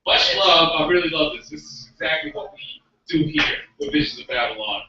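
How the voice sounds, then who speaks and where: A man's voice: fairly high pitch, lively intonation, fairly quick, heavy background noise. A man, hosting an open mic and performing a chanted spoken word poem at a live event. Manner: hyped, loud shouting between chants. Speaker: open mic host and poet. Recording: echoey room, distant mic, muffled.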